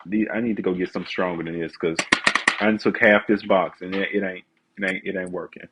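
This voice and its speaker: A man's voice: deep voice, flat delivery, a little fast, noisy background. A man with a congested voice, chatting candidly and ranting to viewers on a casual live stream.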